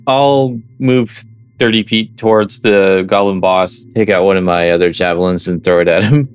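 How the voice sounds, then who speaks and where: Low, smooth-voiced man playing a tabletop game. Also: steady tone, normal speed, no echo. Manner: plain, matter-of-fact statement of moves. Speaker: player.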